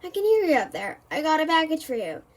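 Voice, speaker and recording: A woman's voice: high-pitched, very animated, quick pace, low-quality recording. Woman reading as a chatty storybook postman. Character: cheerful, chatty adult man postman.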